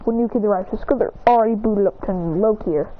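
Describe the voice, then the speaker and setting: A woman's voice: medium pitch, a little fast, slight background noise. A woman casually improvising a story, rambling along and often correcting herself. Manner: rambling, with frequent self-corrections. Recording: tinny phone-like sound.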